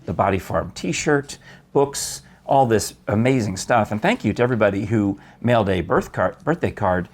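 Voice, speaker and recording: Husky-voiced man, chatty talk-show host. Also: fairly low pitch, lively intonation, normal speed. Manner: chatty, enthusiastic storyteller with restarts. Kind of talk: casual chat.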